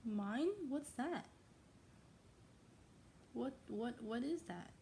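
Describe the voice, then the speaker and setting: A woman's voice: mid-range voice, moderate pace, warm tone, slight background noise. A woman casually reading a novel aloud in a mock English accent, stumbling over old words and stopping to question how they are pronounced. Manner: playfully attempts a put-on English accent. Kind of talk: casual read-aloud with asides.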